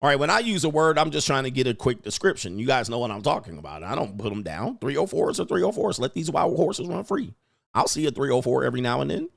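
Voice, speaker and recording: A man's voice: medium pitch, big pitch swings, fast talker, vocal fry, dry recording, clean studio sound. A man hosting a livestream, riffing in slangy talk, laughing often and mimicking people. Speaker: host and commentator. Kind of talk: livestream commentary.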